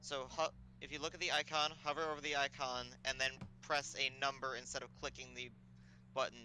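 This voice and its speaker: A man running a tabletop game online, with a very bright, forceful voice and faint hum behind him. He explains rules patiently and hums and haws while checking notes. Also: medium pitch, level tone, a little fast, poor audio. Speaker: game master.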